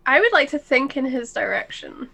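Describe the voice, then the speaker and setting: A woman playing a tabletop game, making playful, quick asides and questions. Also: sits high, very animated, vocal fry, sharp tone. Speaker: player. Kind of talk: tabletop game role-play.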